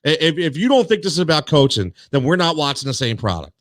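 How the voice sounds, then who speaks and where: A man's voice: on the high side, big pitch swings, quick pace, no room sound. Worked-up man ranting about football. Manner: worked up, repeats words, many restarts. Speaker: sports talk show host. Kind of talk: heated sports talk rant.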